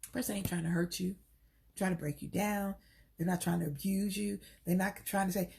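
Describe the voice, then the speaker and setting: Middle aged lady relationship coach, sassy and preachy, bit of fry in the voice. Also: on the low side, fairly even intonation, fairly quick, darkish tone. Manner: sassy, preachy, talks straight to the ladies. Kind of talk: casual talk to camera, live stream.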